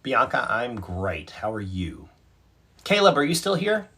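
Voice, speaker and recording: A man hosts a relaxed livestream and reads out viewer comments one by one. His voice is husky and a little breathy. He talks in a chatty, self-mocking way and laughs easily. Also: mid-range voice, measured pace. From North Carolina, USA. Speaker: livestream host. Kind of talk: casual live chat, reading out viewer comments.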